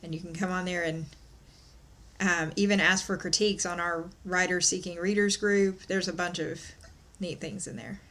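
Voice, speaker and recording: A woman's voice: fairly low pitch, steady tone, moderate pace, fairly bright tone. A woman co-hosting a casual livestream chat, friendly and informative.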